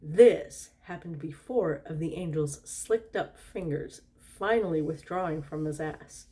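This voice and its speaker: A woman's voice: sits low, a little slow, mellow. A tipsy woman doing a storytime reading, giggling and breaking off with asides and laughter.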